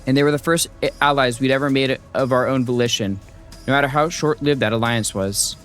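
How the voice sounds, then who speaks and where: Excitable swearing male game streamer. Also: mid-range voice, fairly quick, faint music behind. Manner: excitable, swears freely, hype outbursts. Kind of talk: reading a game story aloud with live reactions. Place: home streaming setup.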